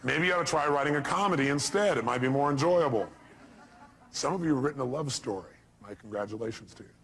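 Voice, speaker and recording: A man's voice: medium pitch, lively intonation, fast, fairly bright tone. A man giving a motivational seminar talk, punchy, firing rhetorical questions at a live audience and acting out voices. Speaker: motivational speaker.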